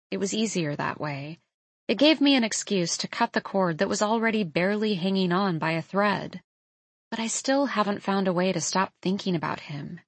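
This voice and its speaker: A woman's voice: medium pitch, no room sound. Woman narrating a novel, close and dry. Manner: reflective, intimate, measured. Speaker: audiobook narrator. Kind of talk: first-person novel narration.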